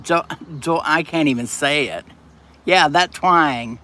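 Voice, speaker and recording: A man's voice: a little high, takes it slowly, sharp tone. A man hosting a casual livestream, chatting and answering viewer comments aloud. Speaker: livestream host. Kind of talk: casual live chat.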